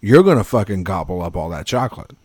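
A man co-hosting a casual film podcast, talking in animated, rambling tangents and swearing freely. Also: low voice, quick pace, no echo, clean studio sound. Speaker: podcast co-host. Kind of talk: casual film-discussion chat.

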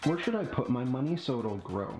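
A man's voice: medium pitch, sing-song, fairly quick, a little mellow, echoey room, soft background music, natural voice. A man voicing an earnest adult who asks for money advice. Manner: earnest questioning.

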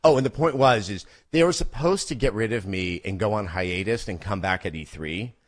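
A man in his forties talking as a podcast guest in casual chat, an animated storyteller who stammers and repeats words. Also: fairly low pitch, moderate pace.

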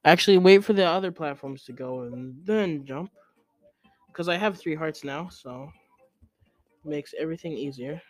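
A young man giving casual gameplay commentary, chatty and excitable, who scolds the game character in sudden yelps. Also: fairly high pitch, moderate pace, long pauses, no room sound. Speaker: let's play gamer.

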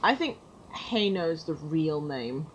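A woman's voice: low-pitched, animated, takes it slowly, a little hiss or hum, poor audio. A woman co-hosting a casual podcast, giggly and teasing. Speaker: podcast co-host. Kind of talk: casual chat.

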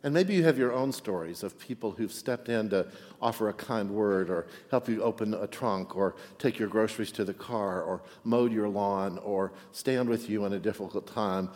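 In a fairly low, darkish voice at a moderate pace, a man delivers a sermon as pastor. He tells a story conversationally, often asking for amens and "right?", and his words trail off into long reverb.

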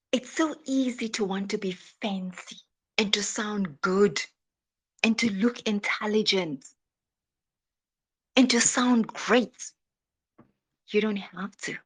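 A woman hosting a devotional podcast, speaking in a slow, reflective way and trailing off into soft, whispery phrase endings. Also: on the high side, breathy edge. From South Africa.

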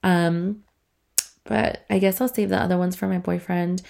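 A woman's voice: lowish voice, fairly even intonation, moderate pace, creaky, a little mellow. A woman around thirty hosting a casual solo podcast, talking in a rambling, profane, chatty way with a congested, stuffed-up voice. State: congested, breathing through mouth. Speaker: podcast host.

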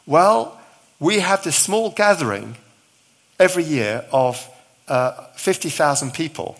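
A man's voice: a little high, lively intonation, a little slow. A middle-aged male visiting preacher giving a sermon, telling a story with acted-out dialogue and touches of humour.

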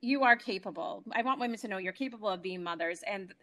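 A woman in her forties, a guest on a talk show, telling an emotional personal story at home in an animated way, full of restarts. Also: mid-range voice, fast talker.

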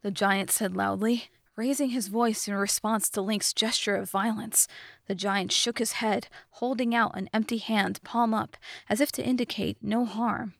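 A woman's voice: mid-range voice, creaky, dry recording, studio quality. Woman reading a fantasy audiobook. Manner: steady, measured reading. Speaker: audiobook narrator. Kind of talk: scripted narration.

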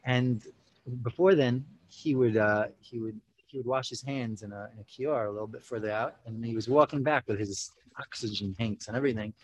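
A man's voice: mid-range voice, normal speed, rough recording. Young man telling a story. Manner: animated, full of 'you know, like' fillers, acts out quotes. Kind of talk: casual personal storytelling.

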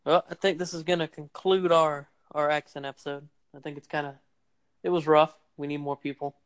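The voice is a young man's, fairly high and flat, moving at a fairly quick clip. He's hosting a casual podcast chat, rambling playfully with lots of fillers, recorded through a phone microphone.

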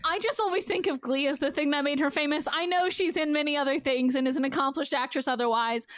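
A woman's voice: sits high, fast talker, a bit bright. A woman co-hosting a podcast, talking casually and emphatically, laughing often. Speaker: podcast co-host.

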